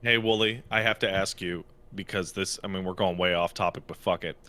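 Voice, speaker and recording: A man co-hosting a podcast in casual chat, swearing freely and jumping up in pitch to make a point. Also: fairly quick, clear, resonant tone. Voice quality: animated, swears a lot, jumps into high pitch for emphasis. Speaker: podcast co-host.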